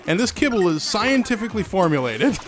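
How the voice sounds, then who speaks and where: A man co-hosting a casual podcast chat while playing a game, telling stories in an animated way and laughing often. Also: sits high, brisk, soft background music. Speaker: podcast co-host.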